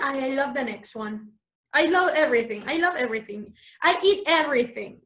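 A woman teaching English vocabulary to young children over a video call, spelling words slowly and switching into to explain. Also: sits high, expressive, fairly bright tone. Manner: slow, exaggerated spelling and repetition, switching to Spanish explanations. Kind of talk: online class for young children.

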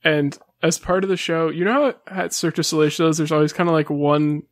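A man's voice: on the high side, a little fast, no room sound, clean studio sound. A man co-hosting a podcast, telling a loose, rambling story in casual chat with lots of filler words. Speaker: podcast co-host.

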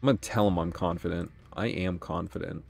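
A young man giving excitable gameplay commentary, thinking aloud about his moves and swearing often. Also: deep voice, a little fast, vocal fry. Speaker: gaming channel host.

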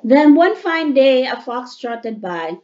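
A woman reading a children's storybook aloud to a child in a lively, emphatic way. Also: high voice, takes it slowly. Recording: dull lo-fi sound.

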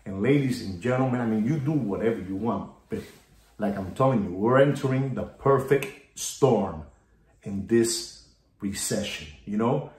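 A man ranting theatrically about the watch market, repeating himself and swinging between loud bursts and low mutters. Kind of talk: hyped market rant to camera. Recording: roomy echo.

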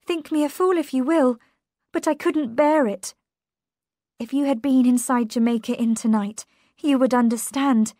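A woman voicing a frightened young woman in an audiobook, her high voice pushed up and pleading. The reading is slow and the sound dry and close. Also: steady tone, mellow, no echo.

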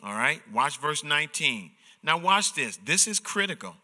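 A man's voice: a little high, very animated, moderate pace, sharp tone. A man preaching at a midweek Bible study, emphatic and repetitive, often saying "watch this" and checking in with the listeners. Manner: emphatic, repeats "watch this" and "all right?". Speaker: pastor teaching Bible study. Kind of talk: sermon-style Bible teaching.

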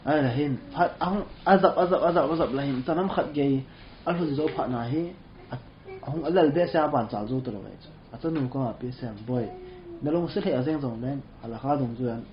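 A man interpreting a lesson live, halting and searching for words. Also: mid-range voice, roomy sound. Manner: halting, with fillers and restarts. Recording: dull muffled recording.

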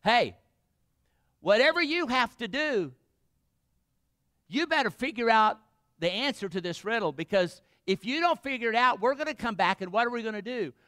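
A man's voice: very high voice, lively intonation, moderate pace, long pauses, no room sound, studio quality, voice pushed up, exaggerated voice. A man preaching while voicing a group of hostile men threatening a young woman. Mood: menacing. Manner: menacing, shouted threats.

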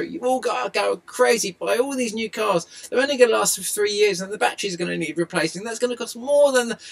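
A middle-aged man with an excitable, rambling delivery, talking to his video subscribers. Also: sits high, vocal fry. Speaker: video blogger. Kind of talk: rambling monologue.

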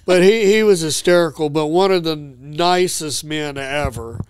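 An older man, a retired hockey trainer who is a guest on a podcast, reminiscing fondly in a relaxed chat. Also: on the high side, measured pace, clean tone, dry recording. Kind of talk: casual storytelling chat.

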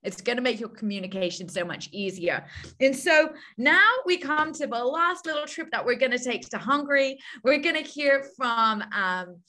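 Bright upbeat woman hosting a call. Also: high-pitched, animated, normal speed. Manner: upbeat, coaching, repeats key phrases. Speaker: call host. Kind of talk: team call presentation. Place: video call.

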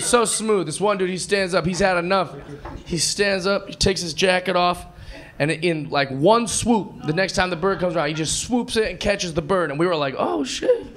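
Excitable high-voiced man doing stand-up. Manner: excitable, acts out voices of other people. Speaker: stand-up comedian. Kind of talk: live stand-up storytelling. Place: comedy club stage before a live audience. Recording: live club recording with crowd laughter.

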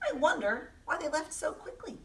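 A woman doing a gentle, apologetic monster. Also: high voice, big pitch swings, moderate pace, voice pushed up, heavily acted. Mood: cheerful. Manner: apologetic, soft-spoken. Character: sorry, gentle young male monster. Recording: echoey room, voice from a distance.

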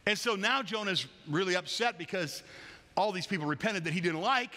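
Bright-voiced pastor preaching with wry humor. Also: male voice, sits high, animated, a little fast. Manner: conversational, wry, with playful asides. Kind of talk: sermon. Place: church sanctuary. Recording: long church hall reverb.

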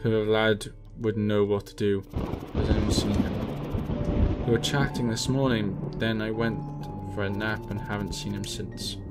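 A man playing a video game, reading its lines aloud and talking to himself with sudden loud outbursts. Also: lowish voice. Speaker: gaming YouTuber. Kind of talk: let's play commentary, reading dialogue aloud.

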